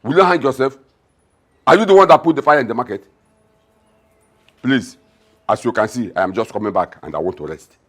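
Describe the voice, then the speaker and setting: Husky, mocking Nigerian dad, middle-aged. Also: male voice, medium pitch, expressive, a little fast, long pauses, fairly bright tone. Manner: mocking, scornful. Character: scornful middle-aged father, callous, domineering. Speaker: father. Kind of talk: film acting.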